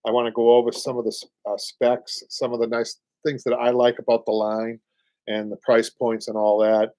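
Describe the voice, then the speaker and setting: A man in his late fifties with a Boston accent, chatting loosely through a live stream as host. His voice sits at an ordinary middle pitch, and he rambles with plenty of "uh"s and easy chuckles. The sound is dry and close, with hardly any room around it. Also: monotone, normal speed, mellow, no echo. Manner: rambling and chatty, many fillers, chuckles often. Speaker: upholsterer hosting a live show. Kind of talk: casual live-stream chat.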